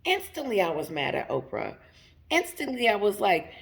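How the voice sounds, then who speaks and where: A woman's voice: medium pitch, wildly swooping pitch, normal speed, creaky. A woman giving casual commentary straight to her viewers, emphatic and laughing often. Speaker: commentary channel host.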